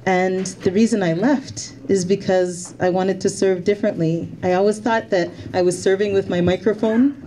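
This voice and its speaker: A woman's voice: mid-range voice, fairly even intonation, moderate pace, dark tone, slight background noise. A Canadian-born woman speaking as a member of parliament, giving a heartfelt, slightly emotional thank-you speech to volunteers at an event. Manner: heartfelt, repeats her thanks, a little emotional.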